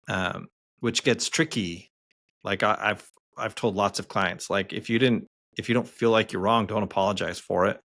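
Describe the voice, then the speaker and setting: A man, a therapist co-hosting a podcast, speaking in a loose, relaxed way with lots of fillers. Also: on the low side, moderate pace, no room sound. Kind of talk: casual podcast discussion.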